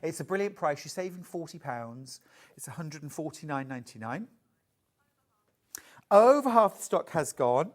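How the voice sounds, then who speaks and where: A woman presenting a live sewing sales show, chatty and bubbly, reading out viewer messages between product pitches. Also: expressive, moderate pace, pauses often. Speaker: shopping channel presenter. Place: TV studio.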